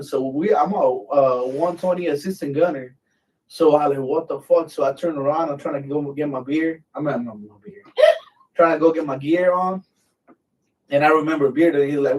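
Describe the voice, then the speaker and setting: A man's voice: fairly high pitch, fairly even intonation, moderate pace. Veteran man host, casual profane storyteller, heard from a distance. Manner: profane, rambling with many fillers.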